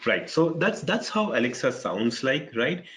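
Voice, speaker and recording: A man's voice: mid-range voice, sing-song, measured pace, a bit bright. Man presenting with frequent "right?". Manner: fills with "right?" and "uh" often. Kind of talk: casual explanatory webinar talk.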